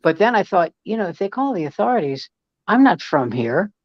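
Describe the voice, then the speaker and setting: A man's voice: high-pitched, very animated, brisk, no room sound, lo-fi sound. An older male comedian hosting a casual chat, telling anecdotes and acting out the dialogue. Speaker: host, comedian.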